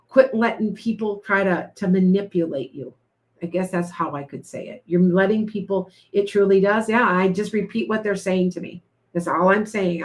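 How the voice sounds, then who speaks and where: A woman giving live tarot readings to viewers, talking in a chatty, repetitive, coaching way. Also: mid-range voice. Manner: chatty, repeats herself, coaching tone. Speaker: tarot reader.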